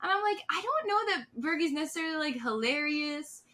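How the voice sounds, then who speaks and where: A woman hosting a casual podcast chat, talking fast and loose with lots of fillers. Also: high-pitched, a little hiss or hum. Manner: chatty, many "like" fillers, animated. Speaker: podcast host.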